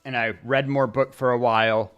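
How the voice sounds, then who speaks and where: A male streamer chatting casually, rambling along with pauses and restarts as he talks into his desk mic. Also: mid-range voice, flat delivery, clean tone, highs cut off, soft background music. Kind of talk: casual livestream chat. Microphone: desk mic at streaming setup.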